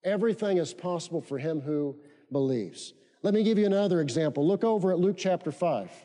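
A male pastor delivers a sermon in a high yet mellow voice, hammering key phrases through repetition and calling on the congregation to repeat after him. His voice carries a long reverb, as if recorded in a large church hall. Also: animated, fairly quick. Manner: emphatic repetition, leads congregation in call-and-response.

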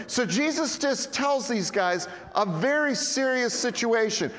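A male pastor preaching a sermon in a church hall, animated and swinging between loud and hushed. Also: extremely high pitch, unhurried, few pauses. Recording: echoey hall with long reverb.

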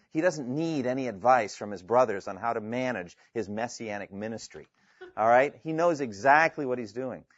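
A man lectures a class on evangelism, often pausing to read Bible verses aloud with rising emphasis. His voice sits at a middle pitch and sounds dry and close, with a slightly muffled, lo-fi quality. He turns to the class with questions now and then. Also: dry recording. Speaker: evangelism instructor. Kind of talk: classroom lecture with scripture reading.

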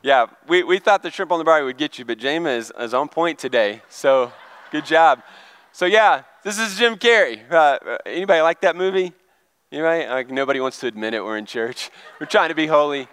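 A man's voice: on the high side, animated, brisk, fairly bright tone, clear, resonant tone, no room sound. A middle-aged male pastor giving a chatty, conversational sermon and asking the congregation questions. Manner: chatty, asks the crowd questions.

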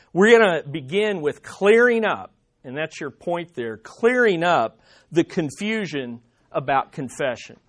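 Man, pastor, preaching, emphatic, repeats phrases, lively intonation. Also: high voice. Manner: slows down on key statements. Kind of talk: sermon.

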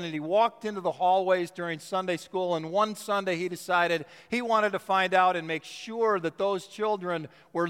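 High smooth-voiced guy preaching, leans hard on key words, big churchy reverb. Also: a bit bright. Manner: emphatic, drawn-out phrasing on key words. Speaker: pastor. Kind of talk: sermon. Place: church sanctuary.

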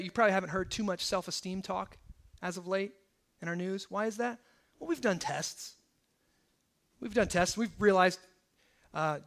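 A man preaching a sermon in a lively, conversational way, acting out the quotes. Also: high voice. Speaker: pastor.

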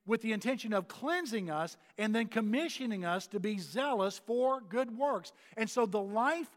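A man's voice: high-pitched, lively intonation, moderate pace, long reverb tail. A man preaching a sermon as a pastor, earnest and emphatic, driving points home with repetition.

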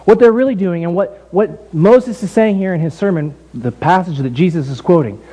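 A man delivers a sermon from the pulpit, talking to his congregation as if in conversation. His voice sits a little higher than most men's, and he slips easily into storytelling with quick asides. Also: warm tone, husky, low-quality recording. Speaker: pastor. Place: church building.

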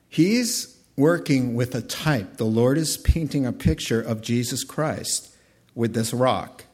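A man's voice: mid-range voice, darkish tone, breathy edge. A man preaching a sermon as pastor, retelling scripture vividly and acting out the scenes.

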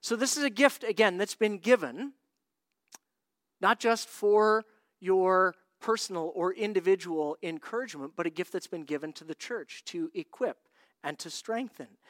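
A man's voice: high voice, moderate pace, a bit bright, no room sound. Storytelling male preacher, dry sound. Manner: storytelling, acts out quoted voices. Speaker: pastor. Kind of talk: sermon.

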